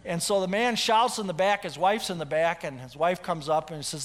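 High-voiced animated preacher in a hall. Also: male voice, moderate pace. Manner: animated storyteller with restarts. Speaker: pastor. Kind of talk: sermon storytelling. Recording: long hall reverb.

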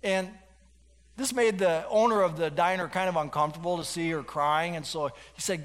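Animated male pastor telling a sermon story, fairly high voice, long hall reverb. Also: normal speed.

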